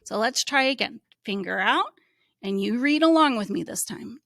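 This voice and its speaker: A woman who teaches reading, giving a slow, encouraging phonics lesson to young children and sounding out letters. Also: fairly high pitch, lively intonation, vocal fry, a bit bright, dry recording, studio quality.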